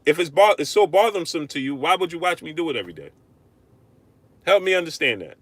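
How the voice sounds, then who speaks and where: A man hosting a live-stream boxing rant, arguing hard, repeating himself and shouting out viewers. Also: a little high, brisk, no room sound. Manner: animated, repetitive, argumentative, shouting out viewers. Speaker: livestream host.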